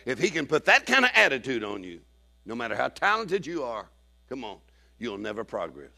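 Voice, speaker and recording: Gravelly, emphatic male preacher. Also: very animated, brisk. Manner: emphatic, rising to shouts and dropping low for asides. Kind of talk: sermon.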